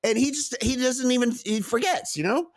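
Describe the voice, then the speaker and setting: A man co-hosting a crude comedy sports podcast, animated and breaking into silly voices. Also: very high voice, fairly quick, no room sound, studio quality. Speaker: podcast co-host.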